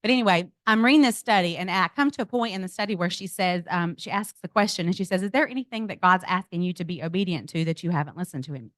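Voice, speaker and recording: A middle-aged woman giving a lively personal testimony to a group, speaking to them directly. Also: on the low side, fast, few pauses, dry recording. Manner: animated storytelling, addresses audience as y'all. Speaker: speaker at a business event. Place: event venue.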